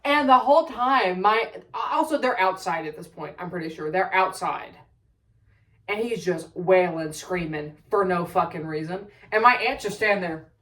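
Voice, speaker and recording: A woman's voice: lowish voice, normal speed, a bit bright, distant mic, low-quality recording. A young adult woman telling a story at home in a casual rant, swearing a lot, exasperated and full of rambling asides. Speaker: vlogger.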